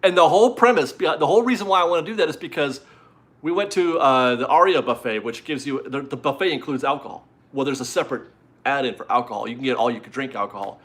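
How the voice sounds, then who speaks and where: A man's voice: mid-range voice, quick pace, fairly bright tone. A man hosting a casual live stream from home, chatty and rambling as he reads out viewer messages and is easily amused.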